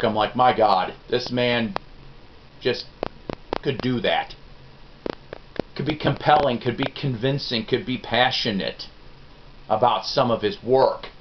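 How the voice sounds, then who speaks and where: A middle-aged man hosting a music review vlog, chatting in a folksy, rambling, self-deprecating way straight to his viewers. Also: mid-range voice. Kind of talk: casual rambling review chat. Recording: dull lo-fi sound.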